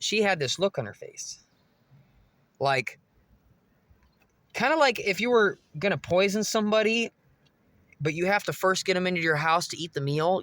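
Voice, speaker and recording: A man's voice: sits high, bright, forceful tone, no echo. A young man vlogging, telling a rambling, profane story straight to his viewers. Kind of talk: casual monologue to camera.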